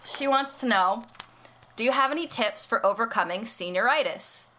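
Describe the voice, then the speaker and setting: A woman's voice: fairly high pitch, normal speed, pushed and bright, a little hiss or hum. A young American woman hosting a casual chat over a video call, chatty and giggly. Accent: American English. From United States. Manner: chatty, giggly, many fillers. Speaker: podcast host.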